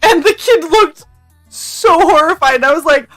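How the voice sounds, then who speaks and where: A woman's voice: extremely high pitch, animated, moderate pace, soft background music. A young woman telling a story on a live stream in casual chat. She talks animatedly, laughs often, swears freely and acts out what people said. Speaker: streamer co-host.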